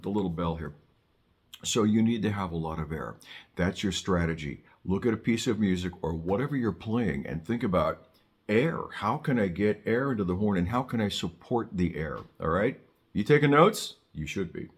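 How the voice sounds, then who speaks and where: Man, older, very low voice, sax teacher, chatty, wry asides. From Southern California. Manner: chatty, joking asides, frequent restarts. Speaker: saxophone teacher. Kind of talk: casual on-camera music lesson.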